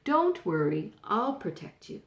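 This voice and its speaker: A woman reading a storybook, voicing a kind queen who calmly protects her daughter. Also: medium pitch, a little slow, vocal fry, reverberant. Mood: reassuring. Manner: calm, reassuring.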